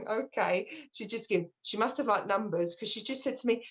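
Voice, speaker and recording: A British woman working as a medium, giving a live reading in a gentle, reassuring way that often restarts mid-sentence. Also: medium pitch, moderate pace, breathy edge. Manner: gentle and reassuring, relays messages with frequent restarts. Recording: slightly dull lo-fi sound.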